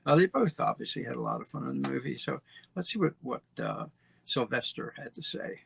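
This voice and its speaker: A man's voice: medium pitch, very animated, fairly quick, vocal fry, fairly bright tone, a little hiss or hum. A man hosting a show, talking conversationally with restarts. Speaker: host. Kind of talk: commentary.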